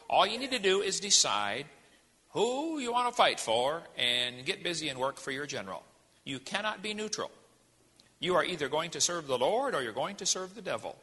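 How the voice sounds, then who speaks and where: A man's voice: on the high side, pushed and bright, husky, in a large hall. A man giving a folksy, emphatic sermon-style lecture. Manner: folksy, emphatic, jokey preaching. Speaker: creationist speaker.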